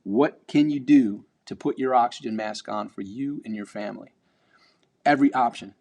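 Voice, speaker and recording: A man's voice: medium pitch, moderate pace, a little mellow. A man vlogging a motivational talk, blunt and emphatic, swearing casually and repeating words as he builds up.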